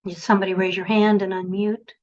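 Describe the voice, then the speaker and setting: A woman's voice: mid-range voice, flat delivery, fast, highs cut off. A woman coaching presenters in an online workshop, encouraging and directive, speaking over a video call.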